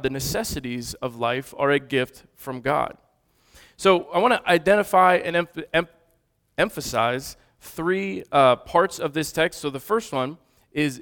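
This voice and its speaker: A man's voice: a little high, a bit bright. A man in his thirties, a father of toddlers, preaching an earnest, conversational sermon with frequent restarts. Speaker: pastor.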